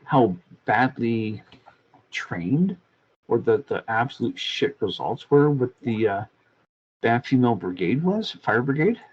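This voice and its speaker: An older man with a husky, slightly rough voice tells a rambling story full of restarts and blunt swearing. His pitch swings lively up and down, and the sound is muffled and lo-fi, as over an online call. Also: unhurried. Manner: crude, meandering, many restarts. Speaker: podcast co-host.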